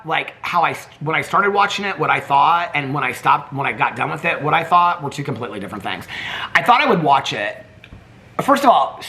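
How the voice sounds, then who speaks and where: A man's voice: mid-range voice, sharp tone. A man chatting casually in a home vlog, rambling from one thought to the next. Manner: chatty, rambling, talks to his pets in baby talk. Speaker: vlogger. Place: indoors at home.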